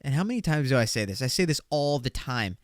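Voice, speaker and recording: A man's voice: mid-range voice, big pitch swings, quick pace, dry recording, studio quality. A young man hosting a casual solo podcast, talking in a loose, slangy way and swearing as he jokes. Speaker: podcast host.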